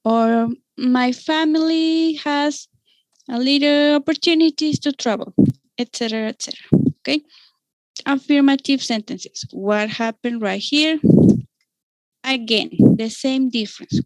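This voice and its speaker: Woman, Mexican-accented English teacher, high voice, slow and patient, dry close sound. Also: no echo, low-quality recording. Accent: Mexican Spanish. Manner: patient, repeats "okay?" to check understanding. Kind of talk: online class teaching.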